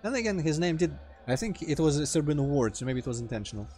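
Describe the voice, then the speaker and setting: A let's-play host with a Russian accent gives casual gameplay commentary, rambling, cutting himself off, and reacting loudly to the game. His voice is fairly high and sing-song, and he talks fast.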